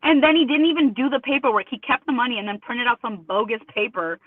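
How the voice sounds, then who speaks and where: A woman's voice: a little high, fast, no echo. A woman speaks emphatically and with indignation, telling her side while acting out other people's words. Her voice comes through a thin, phone-like line with a dry, close sound. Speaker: interview guest. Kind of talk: remote interview over a call.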